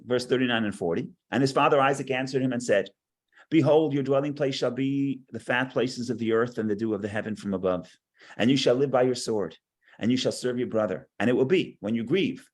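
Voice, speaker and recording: A man's voice: mid-range voice, animated, a little fast. Male teacher, text study lecture, reads verses then explains, repeats words mid-thought. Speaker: Torah class teacher.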